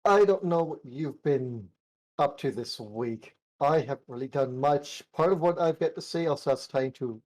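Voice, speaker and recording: A man's voice: on the high side, moderate pace, darkish tone, poor audio. A man co-hosting a casual gaming podcast, rambling and laughing often as he chats. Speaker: podcast co-host. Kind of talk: casual chat.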